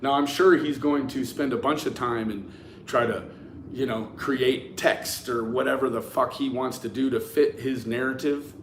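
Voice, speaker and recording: Man, adult, YouTube commentator, blunt and profane, animated storytelling with frequent restarts, mid-range voice, faint noise behind. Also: mid-range voice, normal speed. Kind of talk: casual storytelling to camera.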